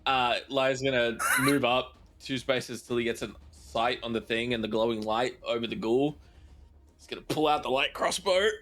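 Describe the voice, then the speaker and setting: A man's voice: mid-range voice, moderate pace, fairly bright tone. A man playing a tabletop game, describing what his character does in a playful, hesitant way. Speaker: player.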